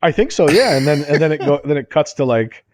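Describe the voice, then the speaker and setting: A man's voice: fairly high pitch, animated, quick pace, a little mellow, no echo, clean studio sound. A man co-hosting a podcast, telling a long anecdote in casual chat with many restarts and fillers. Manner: rambling storyteller, lots of "like" and restarts. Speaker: podcast co-host.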